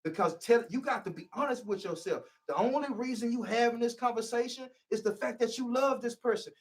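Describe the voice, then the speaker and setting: A man with a high voice gives a preachy motivational talk on healing. He presses each point hard and keeps circling back with "see". He sounds set back from the mic in an echoey room. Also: moderate pace, few pauses, recorded from a distance. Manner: preachy, repeats "see" to drive points home. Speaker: healing speaker.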